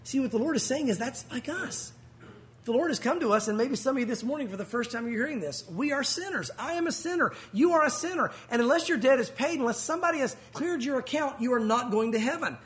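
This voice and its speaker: A pastor delivers his sermon in a strikingly high voice. He preaches earnestly and with emphasis, speaking straight to his listeners. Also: expressive, fast, fairly bright tone.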